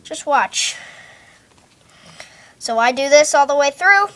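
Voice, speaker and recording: A woman performing a card trick while telling it as a story, spelling letters out one by one in a slow, deliberate way. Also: high voice, animated, a bit bright. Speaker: magician.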